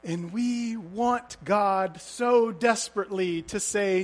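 A man's voice: sits high, slow pace, few pauses. A man preaching a sermon as a pastor, telling stories vividly and asking the congregation rhetorical questions.

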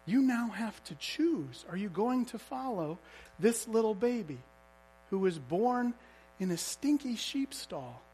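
A man's voice: high voice, very animated, a little slow, darkish tone, soft background music. A man preaching a sermon as a pastor, telling stories vividly and asking the congregation rhetorical questions.

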